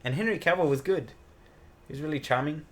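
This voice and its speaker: A man's voice: a little high, fast talker. A man co-hosting a podcast, giving dry, blunt opinions in casual chat. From Australia. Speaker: podcast co-host.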